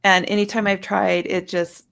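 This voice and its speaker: A woman hosting a relaxed conversation as an author, with a mid-range voice. She sounds supportive and encouraging, and mostly responds with short affirmations. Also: mid-range voice, normal speed, vocal fry. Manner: warm, encouraging listener, brief affirmations. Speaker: author and host. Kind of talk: casual interview chat.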